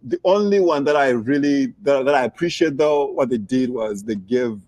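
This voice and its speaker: A man's voice: medium pitch, expressive, moderate pace, a little mellow. A man in podcast banter, laying out his points emphatically and laughing between them.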